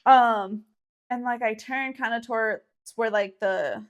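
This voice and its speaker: Young woman, podcast co-host, casual chat, playful, fairly high-pitched. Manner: playful, quick reactions, giggly.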